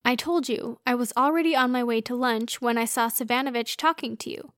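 A laid-back young man teases and banters, as a woman reader gives him voice. The tone stays fairly high, recorded dry and close to the mic. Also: brisk, no room sound, natural voice. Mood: playful. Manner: playful, teasing. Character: teasing, snarky young man.

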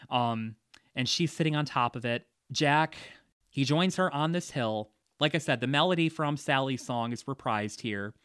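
A man's voice: medium pitch, a bit bright, clean tone, no echo, studio quality. A man hosting a casual movie discussion, chatty, with frequent laughs and fillers. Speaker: podcast host.

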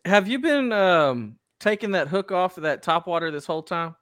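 A man's voice: high-pitched, moderate pace, no room sound, studio quality. A man co-hosting a podcast in casual chat, telling stories with lots of energy and laughter. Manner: animated storyteller, laughs often. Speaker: podcast co-host.

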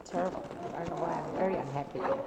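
A woman's voice: low-pitched, racing, heavy background noise. Older woman, rambling reminiscences. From Italy. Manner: rambling, repetitive, animated storytelling. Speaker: interviewee. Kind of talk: casual reminiscing. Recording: crowd chatter behind.

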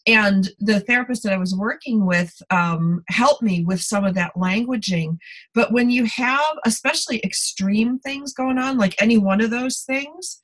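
A woman's voice: a little high, normal speed, a bit bright, poor audio. Candid middle-aged woman telling stories. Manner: candid storytelling, many fillers and restarts. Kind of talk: podcast conversation.

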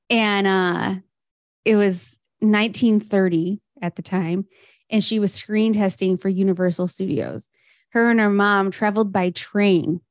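A woman's voice: medium pitch, no echo. Woman podcast cohost rambling through a history story, dry close sound. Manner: storytelling, chatty with fillers and laughs. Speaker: podcast co-host. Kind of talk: casual history chat.

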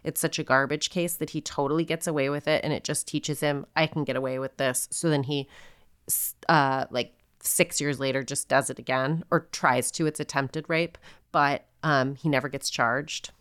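A woman's voice: deep voice, steady tone, normal speed, fairly bright tone, clear, resonant tone, dry recording, clean studio sound. A woman co-hosting a podcast, telling a true-crime story casually with lots of fillers and quoted asides. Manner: chatty, filler-heavy, quotes people in asides. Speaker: podcast co-host.

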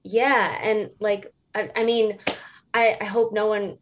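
A woman's voice: mid-range voice, steady tone, takes it slowly, dull audio, a crowd in the background. Woman in her late twenties, singer, chatty, rambling, casual interview. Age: late 20s. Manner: chatty, rambling storytelling full of "like" and "um". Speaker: singer and stage performer guest.

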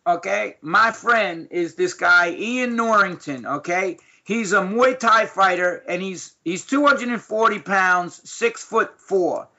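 A man with a New York accent telling a story in casual, profane, animated chat. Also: sits high, slow pace, hardly any pauses. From New York City. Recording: dull lo-fi sound.

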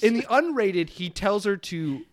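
Guy on a podcast, high bright voice, giggly and lively, recapping a movie, dry close sound. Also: unhurried, no room sound. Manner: giggly, animated, laughs often. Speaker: podcast co-host. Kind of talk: casual chat recapping a movie.

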